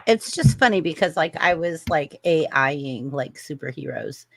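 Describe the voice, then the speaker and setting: This is a chatty host running a casual panel discussion. The voice sits at a middling pitch, and the delivery is animated and loose with plenty of laughter. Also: a little slow, creaky, a little hiss or hum.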